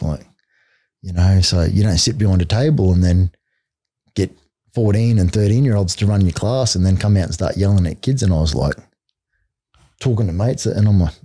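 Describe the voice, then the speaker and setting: Middle-aged Australian man, podcast guest and coach, blunt and casual with a lowish, relaxed tone. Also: normal speed, dry recording, studio quality. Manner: blunt, swears freely, peppers speech with "mate" and "like". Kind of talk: casual storytelling chat.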